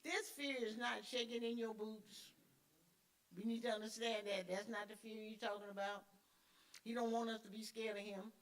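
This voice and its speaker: Woman Sunday school teacher, middle-aged, fairly high voice, emphatic and chatty. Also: fairly even intonation, normal speed. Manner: emphatic, repeats key words; conversational with call-and-response fillers. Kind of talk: church teaching.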